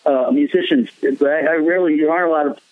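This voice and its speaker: A man's voice: a little high, fast talker, dry recording. A man, a musician guest, telling rambling stories in a casual interview, laughing often. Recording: tinny phone line, dry.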